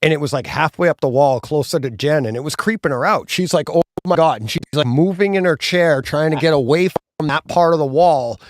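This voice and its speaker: A man hosting a casual live talk about home theater, telling stories animatedly and acting out gunshot booms. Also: a little fast, hardly any pauses, no room sound, studio quality. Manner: animated, acts out gunshot sounds. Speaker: host. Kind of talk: casual chat.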